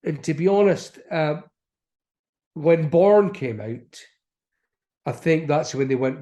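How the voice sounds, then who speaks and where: A man's voice: fairly high pitch, animated, slow pace, pauses often, dark tone. A middle-aged man with an Aberdeen Scottish accent, chatting as an actor guest in an interview, rambling with many restarts. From Aberdeen, Scotland. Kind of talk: casual interview chat.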